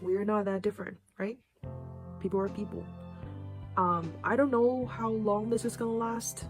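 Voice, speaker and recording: A woman's voice: medium pitch, little pitch movement, moderate pace, soft background music. A woman, speaking earnestly and emotionally to her viewers in a casual video. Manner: earnest, soft-spoken, thankful. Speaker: social media creator. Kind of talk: emotional casual talk to camera.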